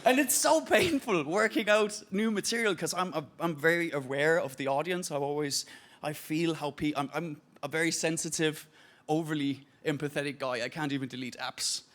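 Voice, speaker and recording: A man's voice: on the high side, normal speed. A Danish man speaking with an Irish accent, performing a self-deprecating stand-up set on stage. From Denmark. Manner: self-deprecating, acts out voices. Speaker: stand-up comedian. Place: comedy stage before a live audience. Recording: live stage mic over loud laughing crowd.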